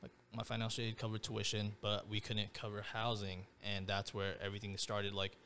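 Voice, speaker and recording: A man's voice: on the low side, monotone, brisk, fairly bright tone, slight background noise. Slangy young man telling a story. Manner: slangy, fills with "bro" and "like". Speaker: podcast guest. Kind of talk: casual personal storytelling.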